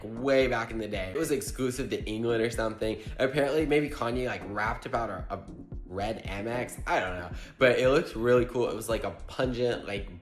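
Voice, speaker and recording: A young man with a mid-pitched voice tells gossipy stories in a chatty, filler-heavy way. His voice bounces around an echoey room, with faint music in the background. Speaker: vlogger. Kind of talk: casual storytelling.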